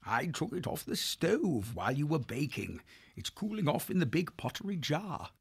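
An actor playing an old, blind male mouse herbalist in a full-cast audiobook, gentle and knowing, with a gravelly, husky voice. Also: a little high, big pitch swings, moderate pace, exaggerated voice. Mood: kindly. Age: older.

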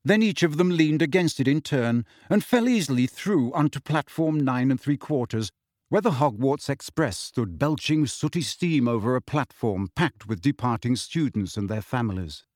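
Brief: male audiobook narrator, lively intonation, dry close mic. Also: medium pitch, moderate pace, no echo. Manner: steady storytelling with shifting character voices.

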